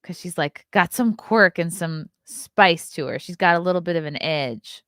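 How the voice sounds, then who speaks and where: A woman's voice: fairly low pitch, normal speed, fairly bright tone, no room sound, studio quality. A woman, hosting a casual live stream, chatty and riffing, laughing often. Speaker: host.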